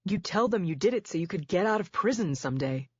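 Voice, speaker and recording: A woman's voice: on the low side, lively intonation, fast talker, a little mellow, husky, no room sound, highs cut off. A woman voicing an exasperated middle-aged husband who pleads, then accuses, in an audiobook. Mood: pleading.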